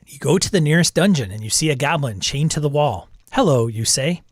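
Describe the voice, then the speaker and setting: A man's voice: a little high, lively intonation, brisk, no room sound, studio quality. A man hosting, reading a text adventure aloud and reacting, wry and self-amused, chuckling at the game. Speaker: host.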